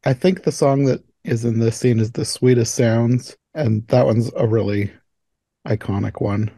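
Man, podcast host, warm mellow tone, casual film chat, dry close sound. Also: medium pitch, a little slow, husky, dry recording. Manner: relaxed, laughs often, many fillers.

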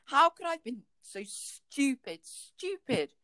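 A woman's voice: sits high, very animated, slow, pushed and bright, no echo, pitched above the performer's own voice, exaggerated voice. A woman voicing an anxious mother who blames herself, while reading a book aloud. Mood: self-reproach. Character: anxious self-blaming mother.

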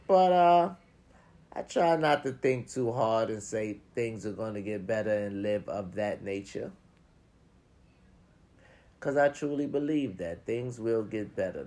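A man's voice: fairly low pitch, a little mellow. Man giving a profane pep talk. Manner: swears freely, acts out grumbling inner voices. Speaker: motivational talker.

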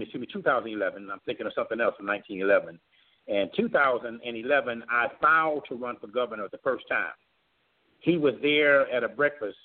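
A man from Florida tells a long personal story to a talk show host, earnest and steady at a middle pitch. He acts out the voices of the people in his tale. His voice comes through a thin, tinny line that sounds like a phone. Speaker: guest, former governor candidate.

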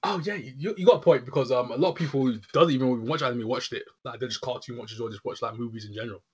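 Speaking fast in a husky voice of medium pitch, a man rambles animatedly in a casual chat. "You know what I'm saying" comes up often as he checks in with whoever is listening.

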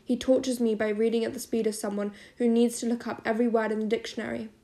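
A woman narrating a first-person novel as an audiobook, in a steady storytelling manner. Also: on the high side, quick pace.

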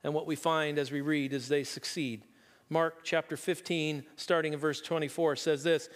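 A man preaching a sermon, telling a story and reading scripture slowly and deliberately. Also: fairly high pitch, fairly even intonation. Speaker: pastor. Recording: long reverb of a large room.

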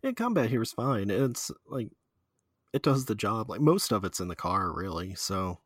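Chatty dude rambling about games, lots of ums, dry mic. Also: male voice, on the low side, big pitch swings, normal speed, no room sound. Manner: rambling, lots of fillers, laughs often. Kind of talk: casual chat.

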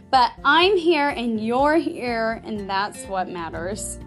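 High, lively woman teaching children. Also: soft background music. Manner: slow, exaggerated teacher-to-child delivery; bubbly, frequent laughs. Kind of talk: children's lesson, sing-along.

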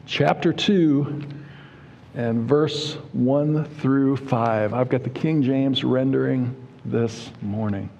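A man's voice: mid-range voice, steady tone, takes it slowly, creaky, darkish tone, lo-fi sound. A male pastor preaching a sermon in a conversational way, often asking the congregation "Amen?". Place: church sanctuary. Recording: long reverb of a church hall.

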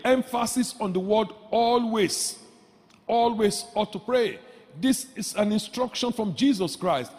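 A male pastor delivers a sermon with a high voice, hammering phrases again and again and pushing up into shouts. His voice rings out with a long reverb that fills a church hall. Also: lively intonation, unhurried. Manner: emphatic, repeats phrases, rises to shouts.

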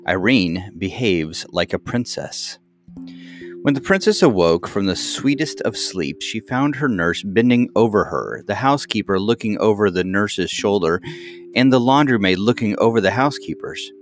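A man reading a classic children's story aloud as a narrator, in measured storytelling. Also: fairly low pitch, lively intonation, faint music behind. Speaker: audiobook narrator. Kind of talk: scripted narration.

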